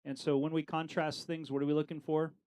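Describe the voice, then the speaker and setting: Chatty higher-voiced man teaching Bible study. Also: little pitch movement, brisk, darkish tone, clear, resonant tone, low-quality recording. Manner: conversational, with frequent fillers and rhetorical questions.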